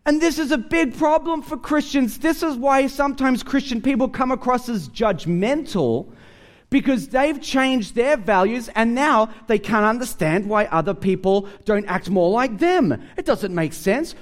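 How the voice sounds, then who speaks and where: Aussie pastor guy preaching, high voice, chatty storytelling, does the voices. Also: unhurried. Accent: Australian. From Australia. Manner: conversational, animated storytelling with acted-out dialogue. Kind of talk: sermon with storytelling.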